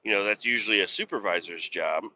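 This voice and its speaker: A podcast host telling a rambling work story in a casual, profane, exasperated way. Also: male voice, fairly low pitch, fast talker, bright, forceful tone, muffled recording, a little hiss or hum.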